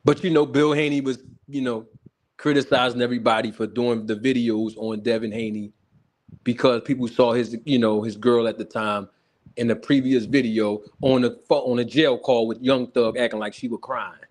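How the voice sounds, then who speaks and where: A man hosting a boxing talk livestream in casual, animated commentary. He laughs often and greets viewers in the chat. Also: medium pitch, normal speed.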